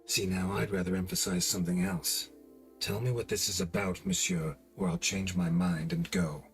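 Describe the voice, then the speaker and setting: An actor playing a gruff, wry monster hunter in a video game, terse and blunt. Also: male voice, low-pitched, little pitch movement, moderate pace, faint music behind. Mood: curt. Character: gruff middle-aged male monster hunter, curt and wry. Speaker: witcher for hire.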